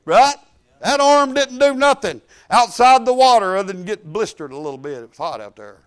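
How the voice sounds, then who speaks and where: A woman's voice: medium pitch, sing-song, normal speed. A woman pastor, preaching a folksy, emphatic sermon full of hallelujahs.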